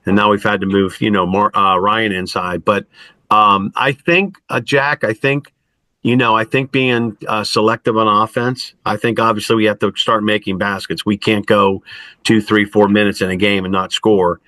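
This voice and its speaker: A middle-aged man coaching college basketball, answering interview questions in a halting way, full of restarts and "I mean". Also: lowish voice, little pitch movement, pushed and bright, no room sound. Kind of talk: post-game style interview answers.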